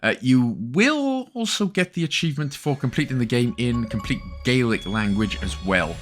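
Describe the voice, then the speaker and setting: A man's voice: medium pitch, animated, normal speed. A Welsh man hosting an achievement guide, talking chattily with joking asides. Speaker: gaming channel host. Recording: faint game music behind.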